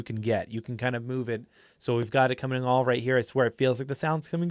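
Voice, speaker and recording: A man's voice: medium pitch, fairly even intonation, fairly quick, dry recording, clean studio sound. Chatty man explaining tabletop voices. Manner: chatty, rambling, many fillers. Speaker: tabletop game teacher. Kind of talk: casual tutorial.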